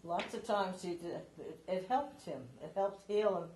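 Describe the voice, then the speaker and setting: A woman in her eighties recalling her life with her partner in an oral history interview, speaking plainly and warmly. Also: fairly low pitch, moderate pace. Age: 80s. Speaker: veteran's partner.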